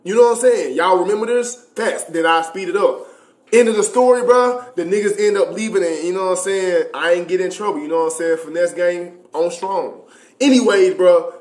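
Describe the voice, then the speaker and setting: A young man telling a loose, profane, slang-filled story on a casual livestream. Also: sits high. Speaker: streamer. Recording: echoey room.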